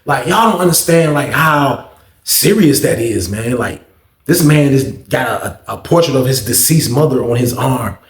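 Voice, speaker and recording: A man telling a story in a casual, slangy, animated way, acting out the people he quotes as he goes. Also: medium pitch, normal speed, reverberant. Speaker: storyteller host.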